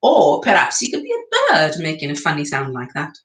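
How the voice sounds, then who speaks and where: Deep-voiced and fairly quick, with wildly swooping pitch, an Englishwoman guides a singing and breathing class over heavy background noise. The echoey recording catches her chatty encouragement and laughter between exercises.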